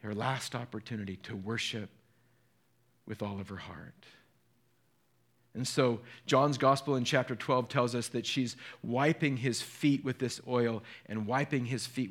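A man pastor preaching a sermon, telling a personal story in an earnest, emotional way and dropping to hushed tones. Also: mid-range voice. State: choked up.

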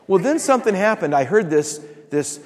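A male pastor telling a story in a sermon, with dramatic pauses and laughs. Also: medium pitch, a little mellow. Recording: long reverb of a large hall.

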